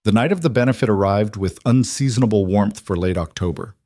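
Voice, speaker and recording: Low-voiced man narrating a story. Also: a little fast, a little mellow, no echo.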